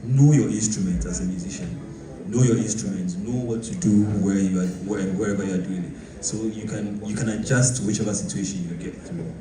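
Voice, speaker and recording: A Ghanaian bass player explaining music in a casual, animated teaching talk, full of rhetorical questions. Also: male voice, brisk. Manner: animated, mixing quoted voices and rhetorical questions. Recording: echoey room, mic from far off, noisy.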